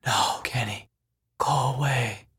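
A man's voice: a little high, slow, a little mellow, slightly rough, dry recording, studio quality, voice pushed up. A man voicing a frail, exhausted man with a thin, faint, tired voice that trails off weakly. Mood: pleading weakly. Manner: weak and whispery, trailing off.

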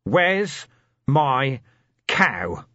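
A man voicing a delirious, battered male watchman who wails his lines in a husky, childlike sing-song, slightly muffled. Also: high-pitched, huge pitch swings, measured pace, a bit bright, no room sound, voice pushed up, exaggerated voice. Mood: deranged wailing. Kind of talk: audiobook character voice.

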